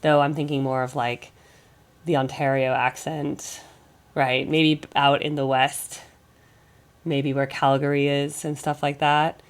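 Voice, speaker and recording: Smooth and unhurried, this American woman speaks in a deep, level voice on her music reaction channel. Recovering from a cold, she rambles through casual reactions, thinking aloud as she goes.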